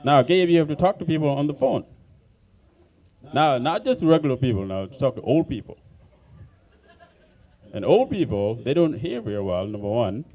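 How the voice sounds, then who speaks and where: A man's voice: medium pitch, moderate pace, long pauses, phone-quality sound. A man with an African accent doing a blunt, profane stand-up comedy set on a club stage. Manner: blunt, profane, animated storytelling.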